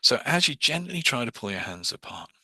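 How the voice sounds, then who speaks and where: A man's voice: mid-range voice, very animated, brisk, vocal fry, pushed and bright, breathy edge, dry recording. A man teaching hypnosis, explaining his own wording step by step as he demonstrates the techniques.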